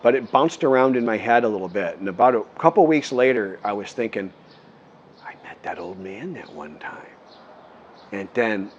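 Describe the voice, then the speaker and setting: A man's voice: sits low, muffled recording, a little hiss or hum. A man vlogging, telling a story in a rambling, earnest way with many restarts. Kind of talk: casual storytelling to camera.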